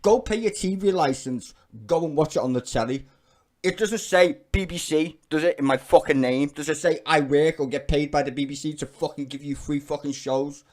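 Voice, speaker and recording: A man's voice: a little high, moderate pace. A British man giving profane, scornful reaction commentary on his own channel. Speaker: YouTube commentator.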